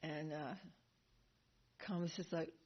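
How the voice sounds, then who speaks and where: A woman's voice: low-pitched, fairly even intonation, slow, lo-fi sound. A woman teaching a devotional class, retelling a sacred story animatedly with laughs and acted voices.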